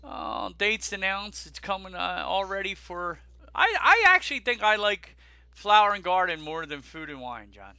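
A man co-hosting a casual chat about theme park news, animated and joking, who swears casually and keeps turning to his co-host. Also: high-pitched, moderate pace, vocal fry, clear, resonant tone, no room sound, muffled recording.

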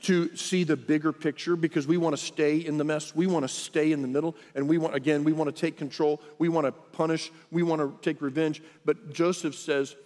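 A man preaching a sermon as a pastor, talking conversationally and acting out quotes with lively voices. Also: fairly high pitch, a little fast, few pauses. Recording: reverberant hall.

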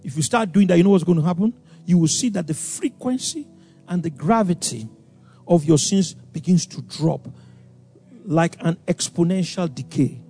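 Animated high-pitched pastor preaching. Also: male voice, normal speed, soft background music. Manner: animated preaching, acts out voices, sudden loud outbursts. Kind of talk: sermon.

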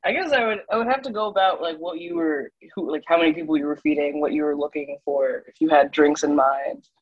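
A woman's voice: deep voice, fast talker, breathy edge. A woman in casual chat, laid-back and wry, heard through a dull lo-fi recording.

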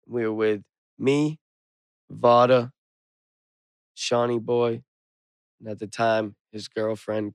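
A young man telling a rowdy story in casual chat, swearing, animated and getting loud. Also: mid-range voice, creaky, clean tone, no room sound.

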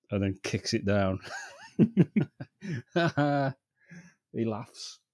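A man's voice: mid-range voice, expressive, drawn-out words, pauses often, a little mellow, dry recording. Sweary, sarcastic man, dry sound. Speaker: podcast co-host. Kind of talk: casual chat.

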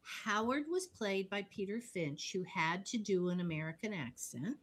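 A woman co-hosting a relaxed podcast conversation, her voice sitting in an ordinary middle pitch. She talks in a chatty, animated way, slipping into quoted lines as she tells her story. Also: normal speed, breathy edge. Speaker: podcast co-host. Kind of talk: casual chat.

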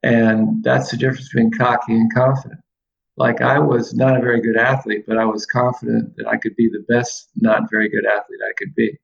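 A man telling a long anecdote on a talk show, animated, quoting people with restarts along the way. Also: mid-range voice, fairly quick, gravelly, lo-fi sound. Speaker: guest storyteller, former baseball coach. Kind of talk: casual storytelling on a talk show.

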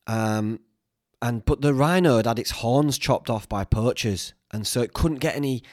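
A man's voice: medium pitch, moderate pace, darkish tone, no echo, clean studio sound. A man hosting a podcast, rambling along in casual chat, joking at his own expense and swearing freely. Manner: chatty, self-mocking, swears freely. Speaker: podcast host.

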